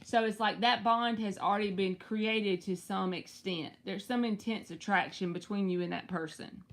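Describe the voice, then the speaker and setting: A woman in her thirties from Southwest Georgia with a Southern accent, hosting a casual live tarot stream, chatty and quick to laugh. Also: medium pitch, fairly even intonation. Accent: Southern US, rural Georgia. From Southwest Georgia, USA. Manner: chatty, laughs often, talks to viewers by name.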